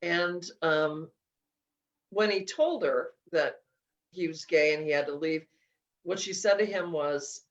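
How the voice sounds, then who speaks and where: A woman's voice: low-pitched, slow pace, pauses often. A woman author being interviewed, talking casually and emotionally, laughing often and restarting her sentences. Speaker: author guest. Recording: slightly dull lo-fi audio.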